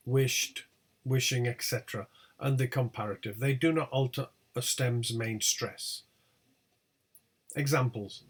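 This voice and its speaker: A man teaching a recorded pronunciation lesson, reading out example words one by one with clear, deliberate delivery. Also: mid-range voice, a bit bright. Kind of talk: recorded lecture over slides.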